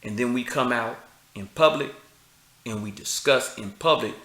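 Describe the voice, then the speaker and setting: A man's voice: medium pitch, normal speed, bright, forceful tone, reverberant. A man, speaking preachy and confrontational, firing rhetorical questions and street slang. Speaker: commentator. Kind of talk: impassioned address to camera.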